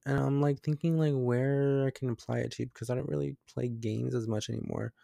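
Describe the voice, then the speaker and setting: A man's voice: mid-range voice, fairly even intonation, brisk, gravelly, dark tone, no echo, studio quality. A young man hosting a casual solo podcast from his bedroom late at night, rambling and jumpy with lots of fillers, scared and tired. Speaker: podcast host. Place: bedroom at home.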